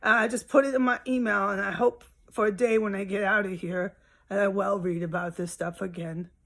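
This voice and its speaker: A woman's voice: medium pitch, fairly even intonation, a little fast, gravelly. Exasperated woman ranting at home. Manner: rambling, exasperated, profane. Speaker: vlogger. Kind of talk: casual venting monologue.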